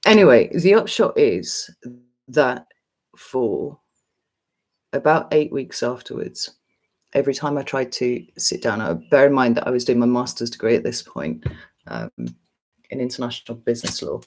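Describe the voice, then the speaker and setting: On a rough recording, a forties-aged tarot reader talks to her stream chat in a rumbling low, sing-song voice that's a little mellow, at normal speed. She tells a long, rambling tale, frank and full of swearing and fillers.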